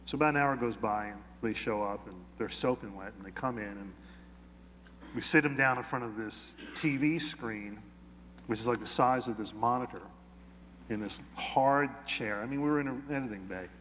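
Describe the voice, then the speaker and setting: A man being interviewed, telling an anecdote in a lively way and acting out the quoted dialogue. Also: medium pitch, moderate pace, in a large hall, slight background noise. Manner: animated, acts out quoted dialogue. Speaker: interview guest. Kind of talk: anecdotal storytelling.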